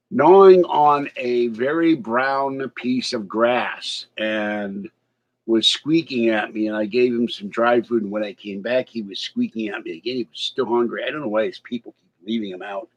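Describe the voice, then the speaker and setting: A man's voice: medium pitch, unhurried. A man vlogging in a casual, rambling way, chatting and complaining about his day. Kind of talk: casual chat to camera. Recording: slightly dull lo-fi sound.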